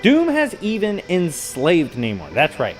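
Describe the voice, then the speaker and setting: An animated man hosting a casual video, recounting comic-book stories with plenty of slang. His pitch rises and falls in a lively way while he laughs along at the funny parts. Faint music sits low in the background. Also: measured pace, rough recording. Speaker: host.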